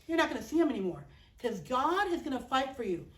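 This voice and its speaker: A woman voicing a calm male leader who gives firm, reassuring commands. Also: high voice, quick pace. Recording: roomy, distant mic.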